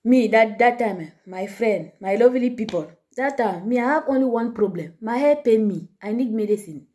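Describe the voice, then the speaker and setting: A woman tells her viewers a story in a chatty, amused way, with broken English. Her voice sits a little high and has a warm, mellow tone. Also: animated, normal speed. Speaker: vlogger.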